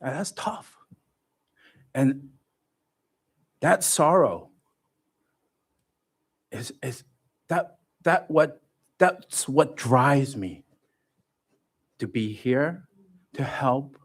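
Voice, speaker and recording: A man giving a personal testimony at a church livestream, telling his story in an animated way and joking about himself. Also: mid-range voice, very slow, long pauses, slightly rough. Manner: animated storytelling, self-joking, laughs often. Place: church gathering.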